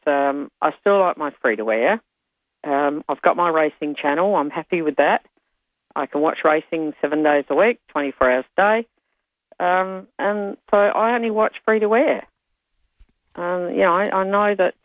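A woman's voice: on the low side, moderate pace, dry recording. An older woman with an Australian accent calls in to a radio show, chatting in a rambling way with many ums. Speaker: caller. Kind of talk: casual chat. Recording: phone line.

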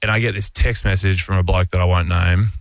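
A man's voice: low-pitched, fairly even intonation, fairly quick, dry recording. An Australian man in his thirties, a radio interview guest, telling a long casual anecdote with many fillers and restarts. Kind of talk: casual storytelling.

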